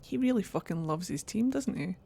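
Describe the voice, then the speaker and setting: A woman's voice: on the low side, animated, brisk, creaky, mellow, slight background noise. A Glaswegian woman in her thirties, giving blunt, sweary, playful commentary while streaming a game. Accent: Glaswegian Scottish.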